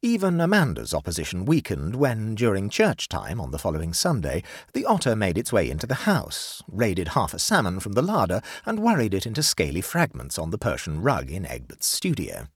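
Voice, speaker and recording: A man narrating a classic short story aloud in an expressive, measured way. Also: lowish voice, husky, no room sound, studio quality.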